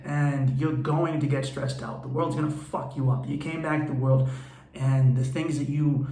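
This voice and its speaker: A man who is a comedian and podcast host, telling stories in a blunt, profane and candid monologue. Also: a little high. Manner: profane, blunt, animated storytelling. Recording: roomy echo.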